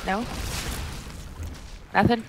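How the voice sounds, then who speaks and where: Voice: extremely slow, noisy background. A streamer chatting casually while playing, joking about the pets and talking to the cat. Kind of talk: casual gaming stream chat.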